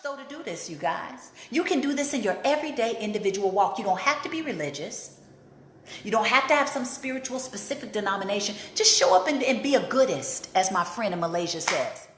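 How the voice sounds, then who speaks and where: High-voiced woman giving an inspirational talk. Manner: warm, emphatic, repeats for emphasis. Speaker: host and life coach. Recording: roomy echo.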